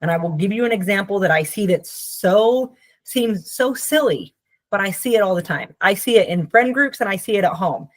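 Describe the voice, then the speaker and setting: Speaking at normal speed in a medium-pitched voice with lively intonation, a woman therapist teaches in a relaxed, conversational way. She frequently asks "Okay?" and plays out quoted voices with a playful touch, recorded with no room sound.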